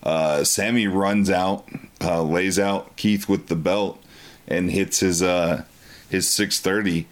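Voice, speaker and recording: A young man co-hosting a wrestling show, recapping past events in a relaxed way with many filler words. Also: sits low, takes it slowly. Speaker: wrestling promotion co-host. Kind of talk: casual commentary over match footage.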